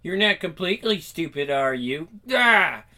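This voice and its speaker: A man's voice: a little high, expressive, unhurried, bright, forceful tone, full character voice. A man reading a comic aloud, voicing a flustered, good-natured young woman who sounds fretful and exasperated.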